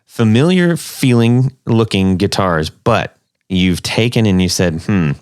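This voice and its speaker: A man's voice: fairly low pitch, lively intonation, measured pace, dry recording, studio quality. A man hosting a podcast interview, casual and jokey, rambling a little with plenty of fillers. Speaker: podcast host.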